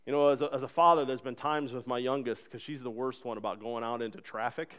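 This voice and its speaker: A pastor in his thirties preaches a sermon at a quick pace, his medium-pitched voice hardly pausing. He's earnest and conversational, acting out the voices of characters in his stories.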